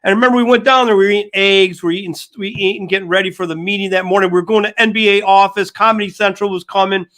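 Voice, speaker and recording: An older man co-hosting a casual sports talk show, telling an animated story and acting out the dialogue. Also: high voice, racing, few pauses. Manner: animated, acts out quoted dialogue. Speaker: co-host.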